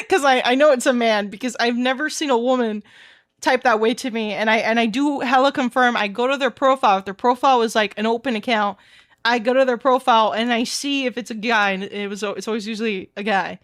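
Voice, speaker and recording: Bright high-voiced female streamer, lively casual storytelling with frequent laughter. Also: fairly quick. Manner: animated storytelling, laughs often. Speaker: VTuber streamer. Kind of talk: casual live-stream chat.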